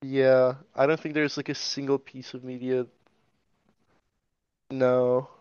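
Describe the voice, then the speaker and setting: Smooth-voiced young man from Tajikistan. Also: medium pitch, little pitch movement, slow pace, darkish tone, no room sound, lo-fi sound. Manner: laid-back, rambling with many fillers. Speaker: interviewee. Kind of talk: casual interview chat.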